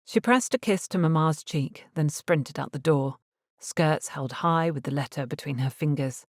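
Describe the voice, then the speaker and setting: A woman reading a romance novel aloud as an audiobook narrator in a measured, even storytelling manner. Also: deep voice, dry recording, clean studio sound. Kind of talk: scripted narration.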